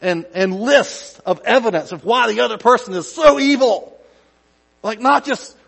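A man's voice: very high voice, normal speed, vocal fry, low-quality recording. Man preaching a conversational sermon. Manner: conversational, swings from soft asides to loud acted-out shouts. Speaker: pastor.

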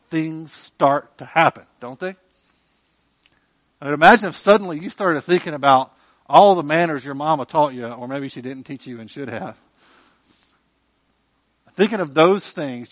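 A man delivers a sermon in a relaxed, chatty way, often turning to his listeners with a quick "right?". His voice sits a little high for a man, and the sound is dry and close, with almost no room echo. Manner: conversational, frequent "right?" check-ins. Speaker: pastor. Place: church.

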